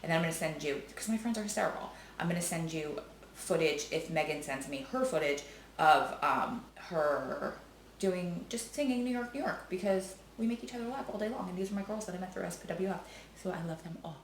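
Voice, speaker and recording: A woman talking casually to her vlog viewers in a chatty, rambling way, full of fillers and quick to joke and laugh. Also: lowish voice, expressive, slight background noise, low-quality recording. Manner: laughs easily, jokey. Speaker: vlogger.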